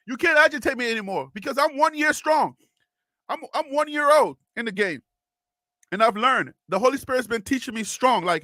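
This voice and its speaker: A man from North Carolina hosting a casual live sports stream, animated and laughing often, repeating his words as he talks to the chat. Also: extremely high pitch, moderate pace, no room sound. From North Carolina, US South.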